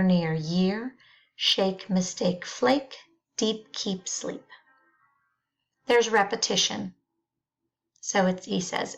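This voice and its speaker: Woman, slow and careful, reading poems and explaining them; unhurried, with pauses. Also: mid-range voice, rough recording.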